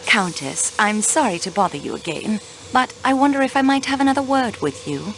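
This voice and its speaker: An actress playing a young railway clerk turned investigator in a mystery video game, polite but insistent in questioning. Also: female voice, a little high, lively intonation, brisk, a bit bright, slight background noise, rough recording. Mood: poised, probing. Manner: poised, probing, politely insistent.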